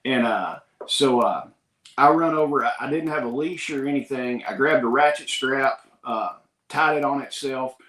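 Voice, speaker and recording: A man's voice: mid-range voice, normal speed, a bit bright, roomy sound. A man with a Kentucky accent, hosting a show and telling a rambling, folksy story in casual talk, acting out the other people's lines. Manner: folksy, rambling, acts out the voices in his story. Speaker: podcast host.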